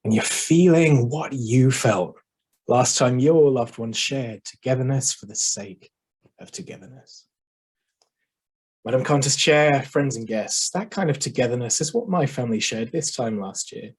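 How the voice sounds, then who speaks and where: Husky man giving a contest speech. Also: mid-range voice, darkish tone. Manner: measured, oratorical, dramatic pauses. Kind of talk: competition speech.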